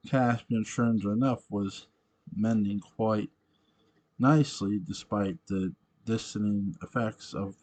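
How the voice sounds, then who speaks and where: A man reading a story aloud in a halting way, often stumbling over words. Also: lowish voice, darkish tone. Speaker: reader of fan fiction. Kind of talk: amateur book reading.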